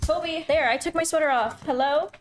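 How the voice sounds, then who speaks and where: A woman's voice: sits high, normal speed, loud music behind the voice. A young woman in casual gaming chat, whiny and exasperated. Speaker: co-player.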